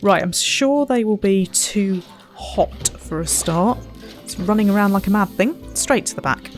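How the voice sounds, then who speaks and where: Woman, let's play commentary, lively swooping pitch, muttered asides, faint music behind. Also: creaky. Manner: chatty, self-mocking, muttering to herself and the animals. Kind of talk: casual gameplay commentary.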